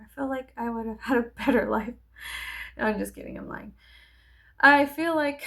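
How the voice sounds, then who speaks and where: Woman with a gravelly, fry-laden voice. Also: medium pitch. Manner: candid, rambling storytelling with frequent swearing. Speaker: vlogger. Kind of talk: casual get-ready-with-me chat.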